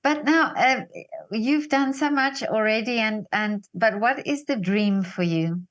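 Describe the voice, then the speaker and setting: A woman whose first language is Afrikaans, interviewing a guest with warm encouragement and frequent short affirmations. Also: a little high, unhurried, dull audio. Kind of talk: casual interview conversation.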